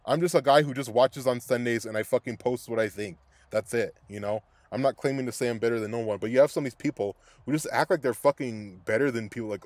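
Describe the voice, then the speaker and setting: A man's voice: medium pitch, quick pace, a little mellow, no room sound. Angry cursing man ranting about football. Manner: angry, scatterbrained, cursing constantly. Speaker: sports fan podcaster. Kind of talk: profane fan rant.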